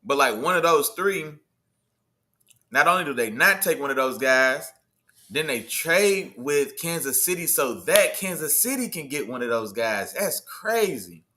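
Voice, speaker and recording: Bright-voiced, high-pitched man in loose sports talk. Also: unhurried. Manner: slangy, animated, talks back to chat. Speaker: livestream host. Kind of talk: casual sports talk livestream.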